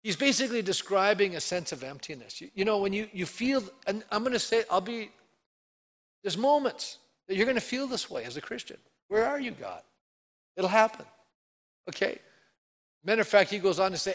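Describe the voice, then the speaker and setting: A male pastor preaching a sermon in a conversational way, acting out the voices he quotes with lively shifts. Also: high voice, brisk.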